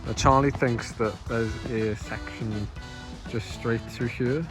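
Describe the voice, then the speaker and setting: Standing at a muddy race course, an amateur cyclocross racer and vlogger talks to camera in a jokey, self-deprecating, casual way. He takes it slowly with a steady tone at medium pitch, while music plays in the background.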